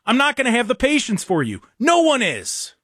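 A man's voice: extremely high pitch, wildly swooping pitch, moderate pace, bright, forceful tone, husky, no echo, studio quality. A young adult man, hosting a sports talk show and ranting in an exasperated, emphatic way. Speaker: sports talk radio host.

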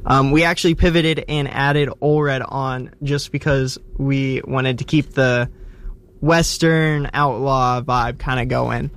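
A man hosting a radio music show, chatting casually and teasing his co-hosts in a relaxed, playful way from a studio. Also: medium pitch, measured pace. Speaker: radio host.

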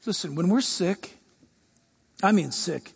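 Male preacher, husky voice, high pitch, fervent, emphatic, repeats phrases. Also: animated, takes it slowly, no echo. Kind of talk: preaching on a talk show.

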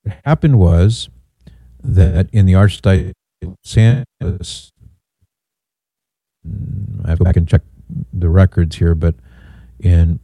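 Male call-in host, low husky voice, dry studio sound, brisk, authoritative. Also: mellow, no echo. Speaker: radio talk show host. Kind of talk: call-in radio talk.

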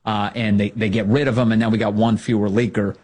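Sarcastic husky male commentator. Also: fairly low pitch, quick pace. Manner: mocking, with lively put-on quotes. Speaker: political commentary host.

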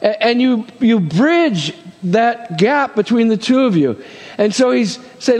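A man's voice: very high-pitched, lively intonation, slow, a little mellow, in a large hall. A man preaching a sermon as pastor, talking conversationally with asides and checking in with "amen?".

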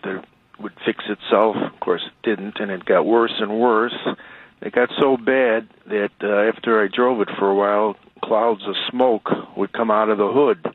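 A man's voice: on the low side, fairly even intonation, moderate pace. A man from Chicago calling in to a radio show, telling a long rambling story with many restarts. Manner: chatty, rambling, frequent restarts. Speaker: radio caller. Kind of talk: casual storytelling. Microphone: phone. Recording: tinny phone line.

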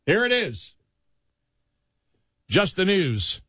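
A man's voice: sits high, big pitch swings, extremely slow, a bit bright, no room sound, clean studio sound. A man with a Buffalo accent hosting a casual political talk radio show, chatty and full of "you know.".

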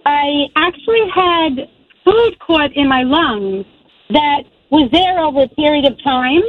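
Lady in her 60s calling in, earnest, high voice, tinny phone line. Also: animated, measured pace, no echo. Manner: earnest storytelling. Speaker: caller. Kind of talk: telling a story on the phone.

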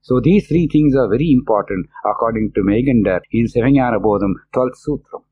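A man giving a devotional discourse, earnest and repetitive, breaking into quick chanted verses between his explanations. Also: mid-range voice, a little hiss or hum. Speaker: religious lecturer. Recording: tinny phone-like line.

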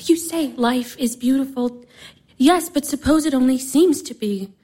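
A wistful young sister, played by a woman, with a slightly high voice. Her delivery is yearning and reflective. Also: measured pace, warm tone. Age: young adult. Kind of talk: stage-play radio acting.

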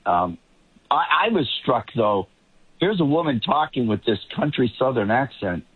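A man's voice: medium pitch, big pitch swings, normal speed, slightly rough. A man commenting as a guest on a political talk show, rambling and often restarting his sentences. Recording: tinny phone line.

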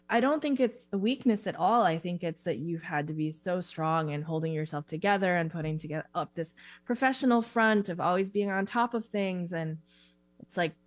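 A woman guest talking casually in an interview, animated and giggly with lots of fillers, on a remote call. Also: fairly low pitch, dry recording.

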